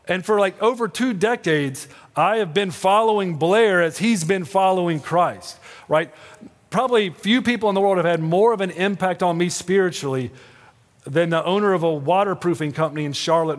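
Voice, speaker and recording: A middle-aged pastor preaches a sermon in a church sanctuary, his voice fairly high. He speaks earnestly and conversationally, often asking "right?", and softens to a hushed tone when quoting promises. A long reverb tail trails his words.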